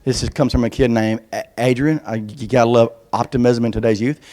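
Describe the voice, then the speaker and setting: A man's voice: medium pitch, steady tone, a little fast, mellow. A man with a stutter, giving a folksy, self-deprecating comic speech as a veteran guest speaker. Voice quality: stutters on some words.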